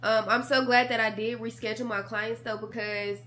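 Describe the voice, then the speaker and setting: A young woman talks casually to her viewers from bed, sick with a sore throat and a blocked nose. Her voice sits a little high, and she keeps calling her viewers y'all. It is picked up by her camera at home. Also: level tone, normal speed, fairly bright tone. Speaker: vlogger. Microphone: camera mic.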